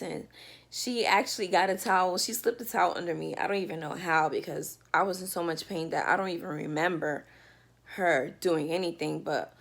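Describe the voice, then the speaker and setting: A woman telling a personal story in a casual storytime vlog from her bedroom, talking loosely with lots of fillers. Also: lowish voice. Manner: chatty, loose, with many fillers. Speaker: vlogger telling a birth story.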